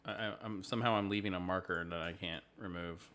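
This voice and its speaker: Low-voiced easygoing man playing a tabletop game. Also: fairly even intonation, fast talker, a bit bright. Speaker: player. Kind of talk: casual tabletop game play. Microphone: video call.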